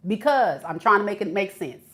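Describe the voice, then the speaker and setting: Chatty, animated female tarot reader, mid pitch, talks straight to viewers. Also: fairly quick. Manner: chatty, animated, acts out quoted voices, laughs at herself. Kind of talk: casual spiritual reading to camera.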